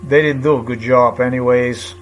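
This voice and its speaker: A man vlogging a rambling personal account, halting and repetitive as he searches for words, and agitated and indignant. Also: mid-range voice, fairly even intonation, noisy background.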